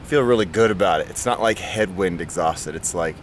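A man's voice: low voice, fairly quick, slight background noise. A man vlogging to camera outdoors at a campground, sweaty and exhausted after a long day of riding, upbeat and laughing often. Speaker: cycling vlogger. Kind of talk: casual vlog talk to camera.

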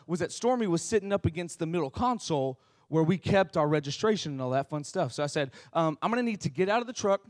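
A young man with a twang preaches and tells funny stories from his own life, acting out the voices of everyone in them. His voice sits high for a man. The sound is dry and close, with no echo. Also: a bit bright. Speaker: pastor. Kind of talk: sermon with comic storytelling.

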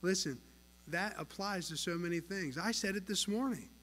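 A man's voice: high voice, normal speed. Earnest male pastor preaching, faint hum. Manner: earnest preacher, swings from soft to loud and emphatic. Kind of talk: sermon. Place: church sanctuary. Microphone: pulpit mic.

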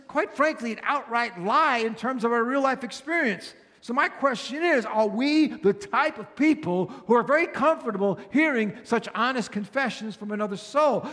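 Male pastor with a high voice, earnest conversational preaching, long hall reverb; fits a church sermon read. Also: a bit bright.

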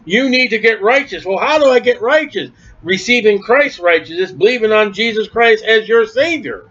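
A male preacher delivers a forceful, emphatic sermon. His voice sits high for a man. The recording sounds dull and lo-fi. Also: lively intonation, moderate pace, breathy edge.

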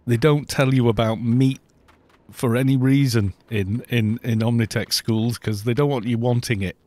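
A man's voice: mid-range voice, fairly even intonation, normal speed, a little mellow. A man chatting casually on a live game stream, rambling through jokes and often laughing at himself. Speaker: gaming streamer. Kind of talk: casual live-stream chat while playing.

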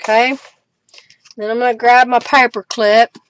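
Middle aged lady chatting on a craft livestream, kinda high voice, laughs a lot. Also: flat delivery, normal speed, smooth. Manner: chatty, talks to viewers while working, laughs often. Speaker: crafting live-stream host. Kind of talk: casual live-stream chat.

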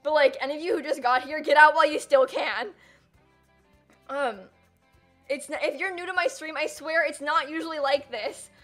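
A woman's voice: sits high, fairly quick, soft background music. A young woman streaming live and chatting casually, who keeps dissolving into giggles and helpless laughter.

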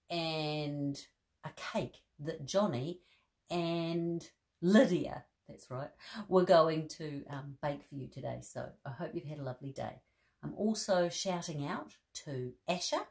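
Low, lively woman reading a bedtime story. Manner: playful, chatty, laughing at the pictures. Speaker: children's storyteller.

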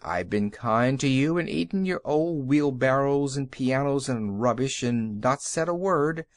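A plucky little girl from a storybook, as a man puts her on, blunt and indignant, her voice pitched up and lively. Close and dry. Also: no echo. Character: plain-spoken young girl, bold.

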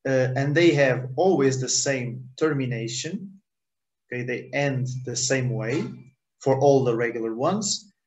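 A man's voice: medium pitch, a little slow, a little mellow, echoey room, dull audio. A man teaching a language lesson in English, repeating words and checking understanding with "ok?".

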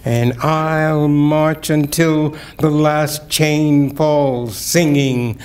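Older male keynote speaker, unhurried, declamatory poetry reader with ringing emphasis. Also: fairly high pitch, steady tone, a little mellow. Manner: slow, declamatory, rising to ringing emphasis on key words. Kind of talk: dramatic poetry reading and lecture. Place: event hall at a community breakfast.

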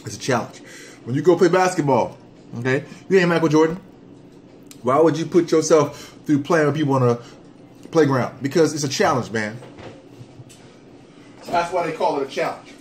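A man doing a casual hot sauce challenge vlog at home, animated and joking while his mouth burns from the sauce. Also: a little high, normal speed, long pauses, a little hiss or hum. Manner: animated, joking, breaks into whoops and coughs. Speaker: vlogger.

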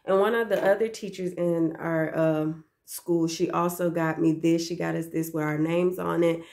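A woman's voice: low-pitched, steady tone, moderate pace, vocal fry, a little mellow. A young woman who works as a daycare teacher, chatting casually to the camera about her gifts in a gushing, repetitive way and talking to viewers as y'all. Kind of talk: casual gift haul chat to camera.

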